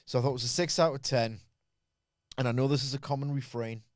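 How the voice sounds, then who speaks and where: A man's voice: mid-range voice, steady tone, no room sound, clean studio sound. A man co-hosting a podcast, giving a wry, rambling wrestling show review in casual chat. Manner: wry, rambling, quick bursts.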